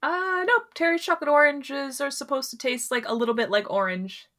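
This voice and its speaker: A woman's voice: high voice, brisk. A woman, chatting casually and animatedly as podcast co-host. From Canada. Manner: chatty, animated, many fillers. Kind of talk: casual chat.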